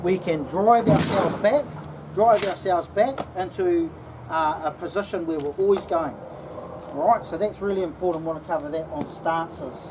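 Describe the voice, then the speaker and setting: A woman's voice: lowish voice, moderate pace. A woman giving a casual security training demonstration, often checking in with "okay?". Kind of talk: instructional demonstration. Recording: distant mic with background noise.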